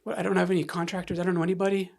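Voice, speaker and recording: A man's voice: sits high, level tone, vocal fry. A man in his thirties, a podcast guest, telling a painful personal story candidly and emotionally, repeating words and sniffing as he talks. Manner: candid, halting, repeats words when upset.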